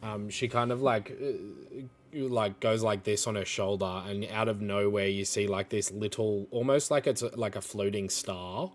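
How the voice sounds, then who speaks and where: A man's voice: lowish voice, steady tone, normal speed. A man narrating as dungeon master in a tabletop game, hesitant and full of fillers and restarts.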